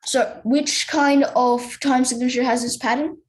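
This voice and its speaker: A woman's voice: sits high, fairly even intonation, unhurried, poor audio. A young woman teaching a music theory lesson in a casual, hesitant way, with many fillers and restarts.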